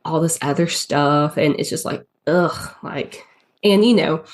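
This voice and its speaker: Southern lady w a cold, deep-ish voice, rambly podcast guest, lots of um and like. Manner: chatty, lots of ums and likes. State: has a cold. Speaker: guest, paid ads strategist. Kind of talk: casual podcast interview.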